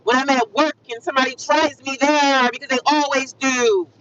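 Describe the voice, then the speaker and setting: A woman's voice: high-pitched, steady tone, normal speed, a bit bright. Woman, casual livestream chat, upbeat, repeats affirmations, distant from mic, faint road noise. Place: inside a car. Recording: distant, muffled phone audio.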